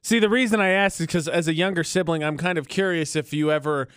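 A slightly high-voiced man hosts morning radio from a studio, chatting and spinning stories with frequent laughs. The sound is close and dry, with no room around it. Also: fast talker, clear, resonant tone, no room sound. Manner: storytelling, laughs often, animated. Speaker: radio morning show host. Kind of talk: casual radio banter. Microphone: studio microphone.

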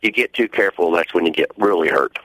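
A man's voice: deep voice, lively intonation, fast talker, a bit bright, slightly rough, no echo, poor audio. A middle-aged man calling in to a radio show, telling his story in a matter-of-fact, rambling way. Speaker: caller. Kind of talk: phone-in story.

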